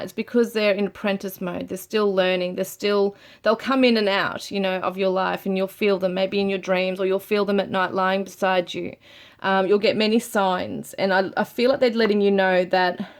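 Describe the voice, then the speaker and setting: A woman giving a channelled tarot reading, overcome with emotion, close to tears and full of sighs and exclamations. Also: medium pitch. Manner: emotional, breaking up and near tears; gushing, many sighs and exclamations. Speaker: tarot reader.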